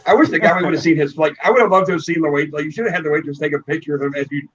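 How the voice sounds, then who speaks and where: A fast-talking man jumps in with quick questions in casual chat. His voice sits slightly high, and the sound is dull. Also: fairly bright tone, a little hiss or hum.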